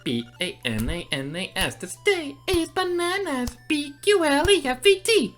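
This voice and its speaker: A woman's voice: sits high, very animated, unhurried, faint music behind, pitched above the performer's own voice. A woman doing a frantic, pleading male alligator. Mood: cheerful. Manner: pleading, shouting, overwrought. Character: hysterical male alligator craving dog food.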